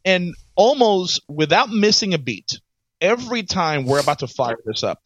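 A man co-hosts a casual show with a lively, swooping delivery and a bright, slightly higher voice. He laughs easily and peppers his partner with teasing questions. The sound is dull and lo-fi, with no room echo. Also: normal speed, a little hiss or hum. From Florida. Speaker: podcast co-host. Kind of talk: casual chat.

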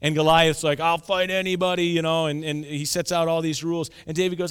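A male pastor preaching a sermon, telling stories with animated delivery and acting out the characters' lines. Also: sits high, brisk, few pauses, smooth.

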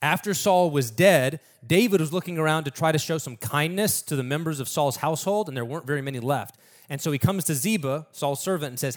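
A man's voice: a little high, fairly quick. A man preaching a sermon in a casual, conversational storytelling way, acting out the people in the story.

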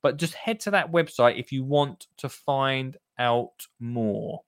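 Chatty gardening show host. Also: male voice, mid-range voice, slow, dry recording, studio quality. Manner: chatty and jokey, with asides to listeners. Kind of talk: casual radio-style show chat.

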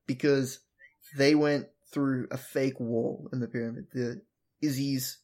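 A woman's voice: a bass voice, steady tone, measured pace, a little mellow. Blunt young woman recapping an episode. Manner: blunt, swears, mocking, does funny voices. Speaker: podcast host.

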